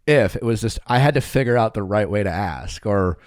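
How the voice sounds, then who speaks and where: A man's voice: lowish voice, expressive, fairly quick, no room sound, clean studio sound. A man in his forties hosting a podcast, talking earnestly and thinking aloud in a casual chat. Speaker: podcast host.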